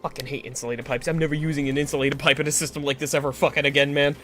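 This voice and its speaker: A man's voice: a little high, level tone, very fast, bright, forceful tone, a little hiss or hum. A man streaming a game, talking to himself, swearing often and getting frustrated. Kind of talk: casual gameplay commentary.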